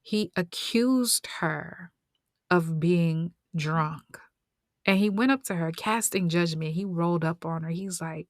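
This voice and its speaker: A woman's voice: fairly low pitch, expressive, slow pace, no echo, studio quality. A woman retelling a story in a conversational, slangy way with whispered asides.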